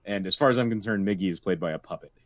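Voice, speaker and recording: A man's voice: deep voice, racing, no echo. A man co-hosting a podcast, chatting casually in a dry, teasing, wry way. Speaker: podcast co-host. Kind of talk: casual chat.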